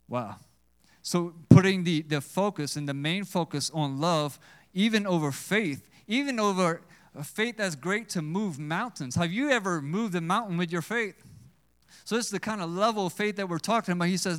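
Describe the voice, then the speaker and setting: A man's voice: high voice, animated, normal speed, a bit bright, smooth. A man preaching a sermon as a pastor, earnest, often repeating words and asking the congregation questions. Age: adult with children.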